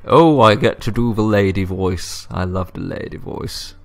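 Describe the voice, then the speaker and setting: A man's voice: on the low side, measured pace, gravelly, soft background music. A man narrating a video game playthrough, cracking self-deprecating jokes. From England, Lancashire. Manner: joking, self-deprecating asides. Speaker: let's play host. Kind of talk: video game let's play commentary.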